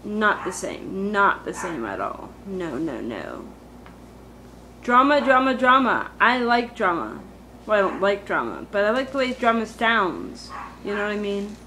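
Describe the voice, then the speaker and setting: A woman's voice: mid-range voice, very animated, measured pace, noisy background. A woman doing a comedic valley-girl monologue, full of "like" and "totally," ranting with exaggerated drama.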